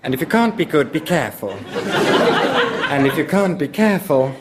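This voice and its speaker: An actor playing a camp, flamboyant army officer in a radio sketch comedy, with an arch, quippy delivery. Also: male voice, on the high side, big pitch swings, moderate pace, over a noisy crowd. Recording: live audience laughing, noisy.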